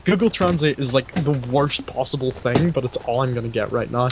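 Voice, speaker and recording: A man's voice: mid-range voice, noisy background. Jokey young man giggling on voice chat. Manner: jokey, giggly, quickly apologetic. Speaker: friend playing along on voice chat. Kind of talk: casual gaming chat.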